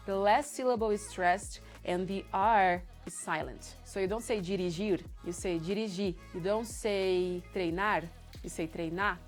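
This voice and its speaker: A woman with a Brazilian accent, a native Portuguese speaker, gives an online pronunciation lesson in English. She explains patiently and repeats example words, her voice sitting in a middle register for a woman. Soft music plays faintly in the background. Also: medium pitch. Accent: Brazilian, Curitiba and São Paulo mix. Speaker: language teacher.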